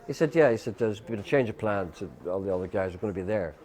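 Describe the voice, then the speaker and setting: An older Irish man tells a rambling story as an interview guest. His pitch sits low but swings widely as he acts out the other people in the tale. He leans on lots of fillers between lines. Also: animated, fast, a little mellow. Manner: rambling storyteller who acts out quoted voices, many fillers. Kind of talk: anecdotal storytelling.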